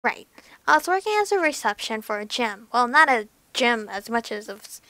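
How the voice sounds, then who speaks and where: A woman voicing a sly young sorceress who cursed men, reading game dialogue aloud in a calm, probing way. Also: a little high, normal speed, dry recording. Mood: storytelling. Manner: calm, cool, probing questions.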